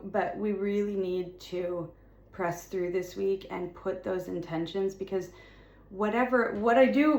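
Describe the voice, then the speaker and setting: A woman's voice: mid-range voice, darkish tone. Woman doing a fired-up spiritual pep talk to her viewers, repeats herself a lot, echoey room. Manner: fervent and repetitive, with emphatic declarations. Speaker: spiritual content creator. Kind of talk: impassioned spiritual encouragement to viewers. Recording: roomy echo with faint ambience.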